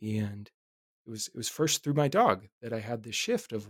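A man in his thirties hosting a podcast, telling a personal story in a reflective, animated way with casual swearing. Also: mid-range voice, normal speed, no room sound, studio quality. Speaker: podcast host.

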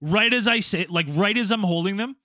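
A man with a high, bright voice tells a story to his friends in a lively, profane way. He shouts out the quoted lines. The sound is dry and close to the mic. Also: brisk, no room sound. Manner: animated, acts out quotes, swears a lot. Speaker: storyteller, former teacher abroad. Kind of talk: casual storytelling among friends.

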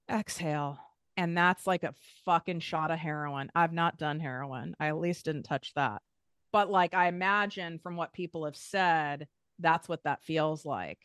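A woman's voice: lowish voice, fairly bright tone, clean tone, dry recording, clean studio sound. A woman guest talking candidly about her own past, frank and emphatic, swearing casually. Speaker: podcast guest. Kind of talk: candid personal conversation.

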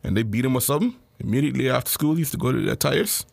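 Animated storytelling podcast man. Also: medium pitch, racing, vocal fry, dry recording. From South Florida. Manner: animated storyteller, acts out voices and yells in his stories. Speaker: podcast co-host. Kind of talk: casual storytelling chat.

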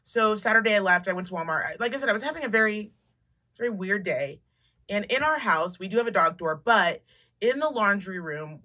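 Woman podcast co-host, animated and profane storyteller, bright forceful voice, mid pitch. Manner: animated storyteller, swears freely, acts out quotes. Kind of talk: casual chat.

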